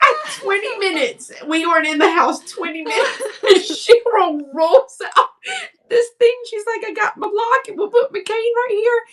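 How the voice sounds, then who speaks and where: A high-voiced woman with a drawl swoops all over her range as she tells a story. She acts out every quote and laughs her way through the telling. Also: lively intonation, normal speed, a bit bright, recorded from a distance. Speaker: guest, fellow reseller. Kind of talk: casual chat, storytelling.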